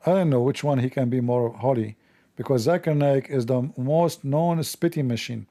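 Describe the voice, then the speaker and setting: A man hosting a casual commentary video, sarcastic, animated and mocking. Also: mid-range voice, normal speed. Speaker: host.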